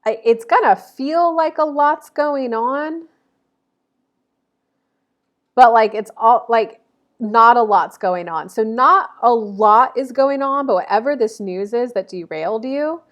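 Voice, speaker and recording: A woman's voice: a little high, slow. A woman in her thirties giving a casual zodiac reading to camera, chatty and rambling, with many fillers and self-corrections. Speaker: astrology reader.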